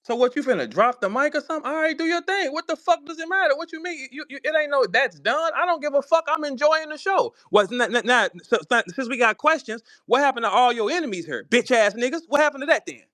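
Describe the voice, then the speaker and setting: A high, animated male voice hosts a heated online audio chat. He swears freely, taunts the other side, and keeps challenging them. The sound is close and dry. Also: quick pace, few pauses, dry recording. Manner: profane, confrontational, laughing taunts. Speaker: host. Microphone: online audio room.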